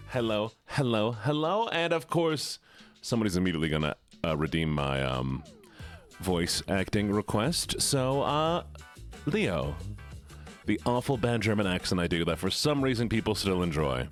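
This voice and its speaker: A man's voice: lowish voice, sing-song, measured pace, soft background music. A man livestreaming, chatting casually and greeting viewers one by one in a playful, teasing way.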